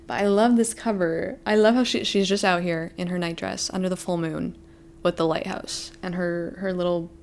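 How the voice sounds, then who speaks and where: A woman in her twenties chatting excitedly to camera as a book vlogger, gushing to her viewers like friends. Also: fairly low pitch, moderate pace, creaky, slight background noise. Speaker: book vlogger and book club host. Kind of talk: casual chat to camera.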